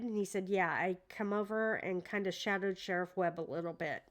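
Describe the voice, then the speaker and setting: A woman's voice: lowish voice, steady tone, moderate pace. A woman at home casually reading a court deposition aloud and commenting on it, hesitant and full of fillers, sounding incredulous. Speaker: true crime commentator. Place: at home with her dogs.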